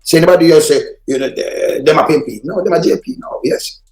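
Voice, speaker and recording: A man's voice: fairly high pitch, fast, a little mellow, echoey room. A man with a Jamaican Patois accent hosting a reaction show, ranting, insulting and swearing as he comments on clips. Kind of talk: heated commentary on played clips.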